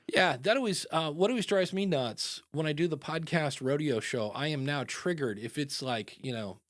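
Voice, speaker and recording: Animated male podcast host, dry sound. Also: a little high, normal speed, no room sound. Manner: animated, mimics voices in quotes. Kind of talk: casual podcast chat.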